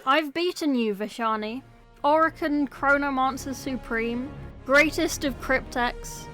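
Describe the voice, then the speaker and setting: A woman's voice: sits high, a bit bright. A woman reading aloud and voicing a boastful, gloating ancient male schemer in a storybook reading. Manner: gloating, theatrical.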